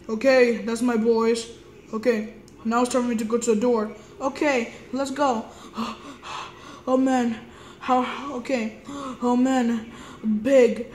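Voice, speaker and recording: High-voiced woman stammering through toy play. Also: unhurried, roomy sound, a little hiss or hum, low-quality recording. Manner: stammering, repeats words, switches between excited squeals and soft sleepy tones.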